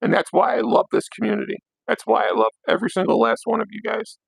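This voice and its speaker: A hoarse young man hosting a late-night livestream, ranting bluntly with plenty of swearing. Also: sits high, flat delivery, quick pace, dry recording, rough recording. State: hoarse, voice worn out. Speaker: livestream host.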